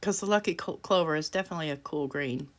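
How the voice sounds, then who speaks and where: Low-voiced chatty woman crafter. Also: fast talker. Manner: chatty, self-deprecating, laughs often. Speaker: craft tutorial host. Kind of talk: casual craft demonstration voice-over.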